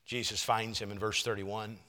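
A man's voice: fairly low pitch, flat delivery, normal speed, sharp tone. A man preaching a sermon, earnest and often repeating words as he searches for the next one. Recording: long reverb of a large hall.

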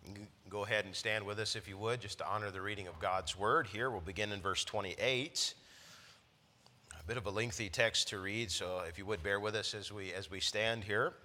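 A man, a pastor, reading scripture aloud to his congregation, hoarse from a frog in his throat, building to rising emphasis as he reads. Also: lowish voice, fairly even intonation, fairly quick, sharp tone, in a large hall.

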